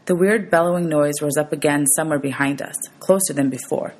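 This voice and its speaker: Woman teacher, reading a novel aloud, husky voice, low pitch. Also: a little fast, few pauses. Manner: steady storytelling, announces page numbers.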